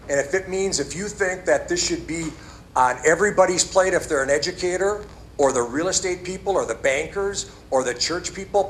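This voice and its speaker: A man acting as facilitator, calmly giving instructions to an audience at a community event. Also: a little high, slight background noise. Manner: calm and instructive. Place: community center hall.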